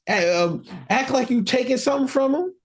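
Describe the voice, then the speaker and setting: Podcast guy chatting, animated and laughy, voice swoops around a lot. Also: brisk. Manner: animated, laughing often, lively swings in pitch. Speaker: podcast co-host. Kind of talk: casual chat.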